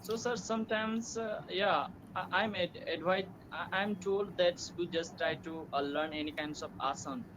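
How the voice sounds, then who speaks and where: A man's voice: high voice, moderate pace, few pauses, noisy background. A young man, practicing spoken English hesitantly with many fillers. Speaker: English learner.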